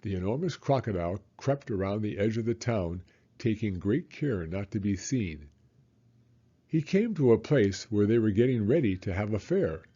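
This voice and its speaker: A man reading a children's storybook aloud in an expressive, dramatic way. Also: lowish voice, moderate pace, husky, lo-fi sound.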